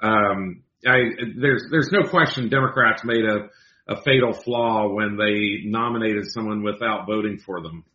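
Measured male commentator in echoey room. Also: on the low side, pushed and bright, lo-fi sound. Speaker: political commentator guest. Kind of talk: talk show discussion.

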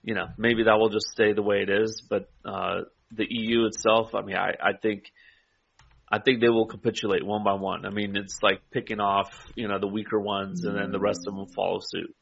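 Deep gravelly dude talking politics, lots of "i mean", muffled audio. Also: male voice, level tone, a bit bright, a little hiss or hum. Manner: measured, hedging, frequent "I mean" and "right?". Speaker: co-host. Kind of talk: casual political chat. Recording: dull lo-fi audio.

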